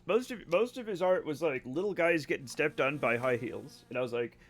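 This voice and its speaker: Lively high-voiced man telling stories. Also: a little fast. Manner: rambling, self-correcting, laughs often. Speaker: livestreamer. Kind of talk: casual storytelling while gaming.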